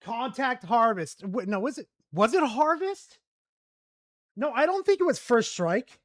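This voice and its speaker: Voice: mid-range voice, animated, a little slow, dry recording, clean studio sound. A streamer rambling and swearing in frustration while commentating a game. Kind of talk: gaming commentary while playing.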